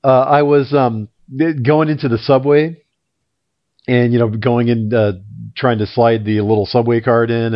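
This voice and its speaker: A man's voice: lowish voice, dry recording, lo-fi sound. A man hosting a podcast over a call, telling rambling, self-mocking stories with lots of fillers and restarts. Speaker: podcast host. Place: hotel room in a big city. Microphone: remote call line.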